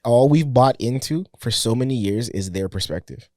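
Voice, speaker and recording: A man's voice: mid-range voice, moderate pace, no echo, clean studio sound. A man hosting a podcast, talking casually in slang and reading ad copy. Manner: relaxed slangy talk, reads ad copy. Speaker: podcast host. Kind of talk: casual chat.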